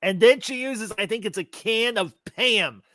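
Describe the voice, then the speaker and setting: A man in his forties co-hosting a casual movie chat, telling scenes in an animated way. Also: high-pitched, moderate pace, no room sound. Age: 40s. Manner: animated storyteller, acts out scenes. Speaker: movie review podcast co-host.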